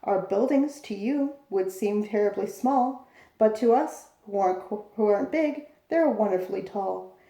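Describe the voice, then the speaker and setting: A woman's voice: mid-range voice, a little slow, warm tone, close to an everyday voice. A woman doing a tiny grateful mayor. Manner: polite and grateful, pleading. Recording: echoey room.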